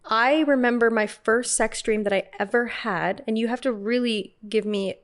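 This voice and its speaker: A woman's voice: fairly high pitch, normal speed. A young woman co-hosting a podcast, telling stories playfully and acting out quoted lines. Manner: playful storyteller, acts out quotes. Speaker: podcast co-host. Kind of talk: casual comedic chat.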